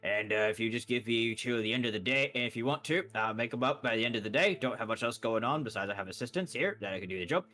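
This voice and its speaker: A man voicing a gruff male shopkeeper with a put-on Brooklyn accent and a smoky, gravelly voice, rambling as he haggles over prices in a tabletop game. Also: mid-range voice, fast talker, few pauses, sharp tone, natural voice. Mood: haggling. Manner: rambling, haggling, self-correcting. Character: gruff male human shopkeeper, haggling chain-smoker type.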